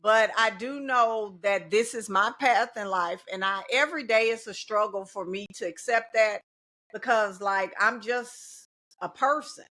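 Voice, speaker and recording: A middle-aged woman speaks in a mid-range, sharp voice without hurrying. She's a teacher and union organizer on a podcast, relaxed but determined, given to slogans and easy laughter.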